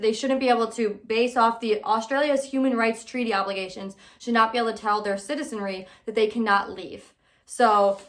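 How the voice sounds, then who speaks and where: A woman hosting her own podcast, giving casual, sarcastic commentary with lively, animated delivery. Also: medium pitch. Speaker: podcast host.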